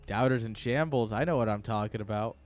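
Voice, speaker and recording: Excitable male game caster, joking. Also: lowish voice, fairly quick. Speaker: esports caster. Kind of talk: live game commentary.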